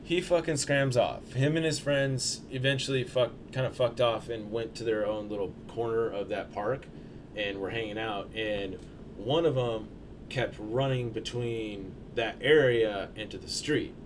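A young man spinning a long anecdote in casual podcast chat, his voice sitting at an ordinary middle pitch. He talks in a loose, rambling way, full of fillers, restarts and casual swearing. A faint hiss sits under the recording. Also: unhurried. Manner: profane, rambling storytelling with many fillers. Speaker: storyteller on a podcast.

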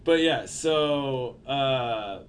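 A man's voice: mid-range voice, animated, drawn-out words. A young man telling a rambling, profanity-laden story in casual podcast chat, with lots of fillers and restarts.

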